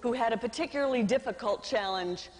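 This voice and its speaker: Animated high-voiced woman telling a story on stage. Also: a little fast. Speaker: motivational speaker. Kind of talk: storytelling speech to a live audience. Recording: reverberant hall.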